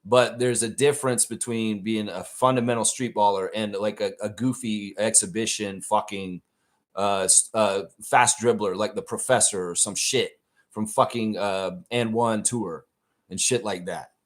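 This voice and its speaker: A man's voice: on the low side, a little slow. A man hosting a live stream, chatting casually and ranting with plenty of swearing. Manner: profane, animated rant reading chat.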